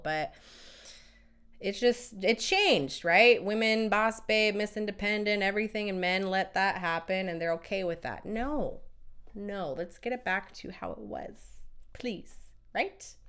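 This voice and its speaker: A woman's voice: fairly low pitch, clean tone. A woman hosting a casual live stream as a relationship coach, talking emphatically and chattily while she has a cold and keeps coughing. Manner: emphatic and chatty, with frequent "right?" and repeated words.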